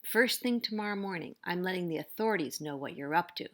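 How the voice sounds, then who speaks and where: A woman voicing an angry male landlord in a storybook read-aloud, shouting indignantly. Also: on the low side, lively intonation, fast talker, lightly acted. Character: angry bearded male landlord, later softened.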